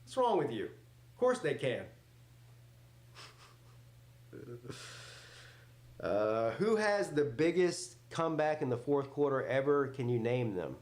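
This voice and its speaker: Hosting a live football reaction stream, a man gives loud, casual commentary, joking, swearing freely and talking back to his chat. His mid-range voice is very animated and unhurried, with a reverberant sound.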